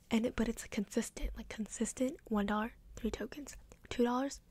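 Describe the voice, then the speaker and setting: Breathy soft-spoken young woman. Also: on the high side, steady tone, fairly quick. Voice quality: breathy, half-whispered. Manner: rambling, chatty, full of "like". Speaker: ASMR creator. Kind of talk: soft-spoken ASMR storytelling.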